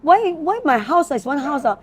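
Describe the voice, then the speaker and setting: A woman's voice: sits high, very animated, normal speed. A woman with a Malaysian English accent, an animal rescue founder talking earnestly and telling stories as a podcast guest. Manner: earnest, storytelling, speaks her mind. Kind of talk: casual interview chat.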